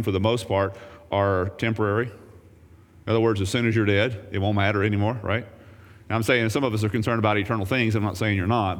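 A man preaching a sermon as pastor, swinging between loud raised emphasis and quiet low asides, with wry joking remarks. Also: big-room sound.

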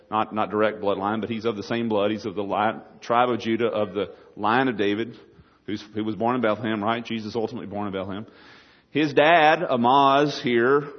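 A man preaching a sermon, folksy and jokey, talking straight to his listeners and telling stories. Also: mid-range voice. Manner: folksy, jokey, talks to the audience. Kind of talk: sermon with storytelling. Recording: dull lo-fi recording.

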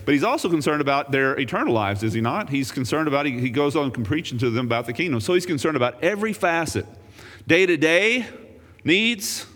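A man preaching a sermon as pastor, swinging between loud raised emphasis and quiet low asides, with wry joking remarks. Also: animated, a little fast, in a large hall.

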